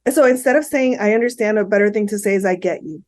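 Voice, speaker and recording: A woman's voice: medium pitch, fast, darkish tone. A woman in her fifties, a podcast guest, talking earnestly and repeating phrases as she explains. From Miami. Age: 50s. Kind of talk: candid conversational interview.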